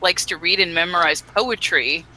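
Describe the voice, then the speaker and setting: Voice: medium pitch, normal speed, pushed and bright, slight background noise, poor audio. A tabletop game player in casual chat, hesitant and full of fillers.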